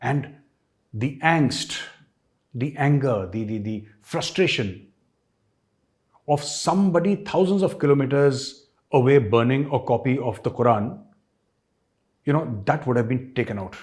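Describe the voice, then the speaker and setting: A man's voice: mid-range voice, unhurried, long pauses, darkish tone. A man with an Indian English accent giving an emphatic, sarcastic political commentary as a host, full of rhetorical questions. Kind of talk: opinion commentary.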